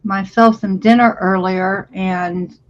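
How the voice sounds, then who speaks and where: A woman's voice: mid-range voice, steady tone, slow, lo-fi sound, slight background noise. A woman from America hosting a casual livestream chat, speaking hesitantly with many fillers and frequent laughs. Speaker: livestream host.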